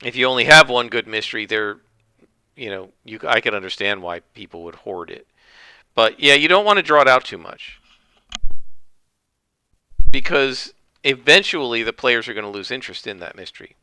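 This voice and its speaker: Opinionated male podcast host, bright cutting tone, dry sound. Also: mid-range voice, animated, moderate pace, pauses often, smooth, dry recording. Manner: rambling, opinionated. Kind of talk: casual solo commentary.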